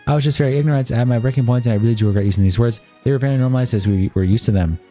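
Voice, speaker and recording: A man streaming live, reading a long run of messages aloud in a rapid, flat delivery. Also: mid-range voice, faint music behind.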